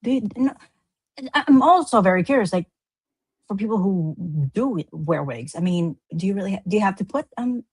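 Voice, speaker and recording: A woman's voice: mid-range voice, animated, moderate pace, darkish tone, husky, dry recording. A woman producer chatting as a podcast guest, hesitant with lots of uh's and restarts, laughing easily. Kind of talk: casual chat.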